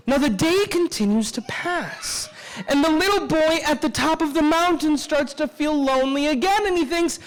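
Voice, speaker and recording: A man telling a story to children at a live convention session, expressive and engaging the audience with call-and-response. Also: very high-pitched, normal speed, low-quality recording.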